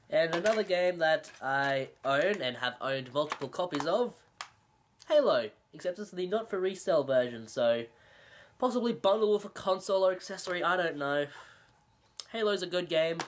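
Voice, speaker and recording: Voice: medium pitch, animated, normal speed, a little hiss or hum. A video game collector talking through recent purchases in a casual, rambling vlog, full of sarcastic jokes and self-mocking asides. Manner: rambling, joking and sarcastic, with frequent laughs.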